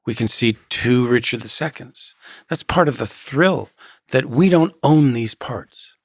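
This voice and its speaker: A man in his sixties, a guest on a podcast, talking in a measured, halting way with quoted asides and dramatic pauses. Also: mid-range voice, no room sound, clean studio sound. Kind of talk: reflective interview storytelling.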